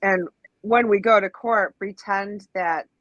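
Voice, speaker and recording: A woman's voice: medium pitch, slow pace, a bit bright, no echo, lo-fi sound. Teasing woman on a dry livestream mic. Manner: teasing, laughs often, chatty. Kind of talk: casual livestream chat.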